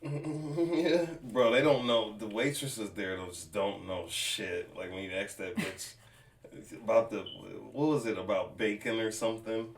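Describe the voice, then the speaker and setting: A man with a low voice talks in easy slang and swears freely. He sits away from the mic, and faint room noise hums behind him. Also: unhurried, reverberant, distant mic. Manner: laid-back slang, swearing. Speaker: guest. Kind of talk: casual chat.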